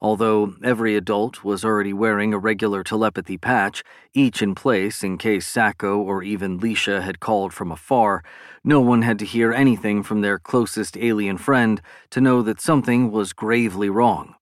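A man narrating a science fiction novel in a steady, measured reading. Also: fairly low pitch, no echo, clean studio sound. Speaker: audiobook narrator. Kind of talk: scripted narration.

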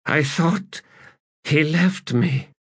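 A man voicing a grieving woman of an ancient non-human race, speaking formally and softly in an audiobook. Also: fairly high pitch, extremely slow, husky, no echo, clean studio sound, voice pushed up, full character voice. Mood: solemn. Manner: formal, hesitant and soft.

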